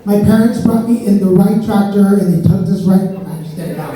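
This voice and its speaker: A man's voice: high voice, fairly quick, dark tone, soft background music. Self-mocking male comic in an echoey hall. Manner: chatty, self-mocking, riffs with the crowd. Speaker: stand-up comedian. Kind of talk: stand-up comedy set. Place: stage in an event hall. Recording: echoey hall, mic heard from a distance.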